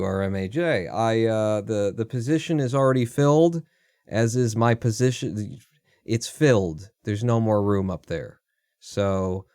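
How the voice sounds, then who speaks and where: A man hosting a live stream, thinking aloud as he codes, muttering and swearing in quick exasperated asides. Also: fairly low pitch, darkish tone, no echo, studio quality. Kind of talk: casual live coding commentary.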